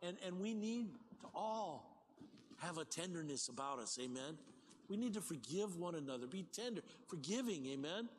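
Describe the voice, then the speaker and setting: High-voiced older male pastor preaching. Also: normal speed, a little hiss or hum. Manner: conversational, animated, folksy asides. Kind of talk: sermon. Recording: long hall reverb, faint ambience.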